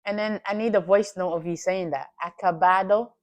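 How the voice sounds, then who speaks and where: A woman's voice: mid-range voice, steady tone, a little fast. Laughing, teasing live-stream host woman. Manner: laughs often, playful and teasing with chat. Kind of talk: casual live-stream chat.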